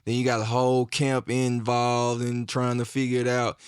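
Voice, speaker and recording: Casual male podcast regular, mid-pitched, clean and smooth tone, dry close sound. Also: moderate pace, no echo. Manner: agreeable, backs others with steady affirmations. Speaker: camp counselor. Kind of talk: casual chat.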